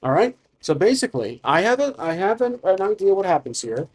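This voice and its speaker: A man's voice: high voice, big pitch swings, a little fast, breathy edge. A man narrating his solo tabletop game, thinking aloud with frequent restarts. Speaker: solo game master and player.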